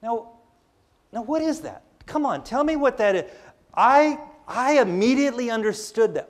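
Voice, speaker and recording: A man's voice: very high-pitched, animated, moderate pace. An older man giving a conversational lecture, telling personal stories in a chatty, rambling way with frequent restarts. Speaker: public speaker.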